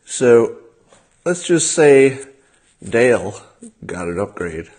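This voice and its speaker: A man hosting a livestream, talking in a casual monologue with a dry, sardonic manner and frequent halting fillers. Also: medium pitch, very animated, a little mellow. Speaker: livestream host.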